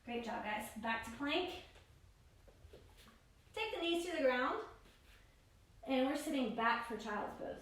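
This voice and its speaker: Woman yoga teacher for a guided class, high voice, steady pose-by-pose cueing, miked from a distance in a booming room. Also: a little slow, long pauses. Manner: steady spoken cues for each pose and breath. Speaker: yoga instructor. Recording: very echoey room, voice far from mic.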